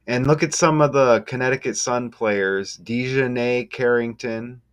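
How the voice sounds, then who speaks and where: Man host, unhurried, mid-pitch, thinking aloud over stats with bursts of wonder, home desk mic. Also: clear, resonant tone. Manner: slow, musing, excitable exclamations. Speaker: gematria sports commentator. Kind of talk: casual solo commentary over on-screen schedule.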